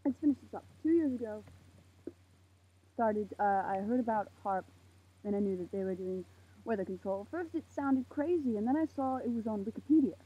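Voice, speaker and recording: An eighteen-year-old woman ranting to camera outdoors at night, heated and swearing, with a very husky voice. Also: on the high side, expressive, a little fast. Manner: heated, swearing, preachy outbursts. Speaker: vlogger. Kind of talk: impassioned rant to camera. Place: outdoors in a parking lot at night under a makeshift roof. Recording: tinny phone-like lo-fi sound.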